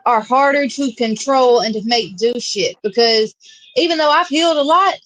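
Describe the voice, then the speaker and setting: Frank female co-host, slightly high, dry and close. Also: normal speed, a bit bright, no room sound, poor audio. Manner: blunt, frank. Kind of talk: casual chat.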